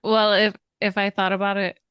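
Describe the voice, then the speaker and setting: Woman co-host, casual and chatty, smooth voice, dry close mic. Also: mid-range voice, level tone, normal speed, fairly bright tone, no room sound. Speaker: parenting podcast co-host. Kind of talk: casual podcast chat.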